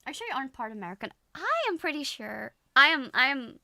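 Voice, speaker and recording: A woman's voice: sits high, very animated, quick pace, creaky, bright, forceful tone, dry recording, clean studio sound. A young woman from the Netherlands with a slight Dutch accent, chatting casually and giggly as a streamer reading comments. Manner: giggly, rambling, playful.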